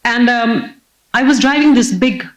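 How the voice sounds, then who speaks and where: Lively woman telling stories. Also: a little high, measured pace, rough recording. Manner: lively, self-mocking storyteller who acts out scenes. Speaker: keynote speaker. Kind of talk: humorous personal storytelling talk. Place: stage before a live audience.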